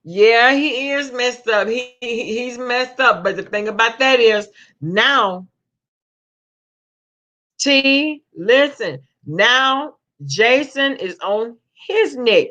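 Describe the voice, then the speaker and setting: A woman's voice: fairly high pitch, lively intonation, slow pace, sharp tone. A woman chatting casually on a live stream, reading the chat and calling viewers babe. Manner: chatty, Southern slang, greets viewers as babe. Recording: lo-fi dull stream audio.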